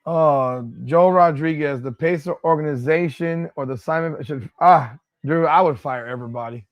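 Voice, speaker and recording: During live play-by-play watch-along commentary, a male streamer swears freely, speaks bluntly, and erupts in frustration now and then. His voice runs a little high at a normal speed.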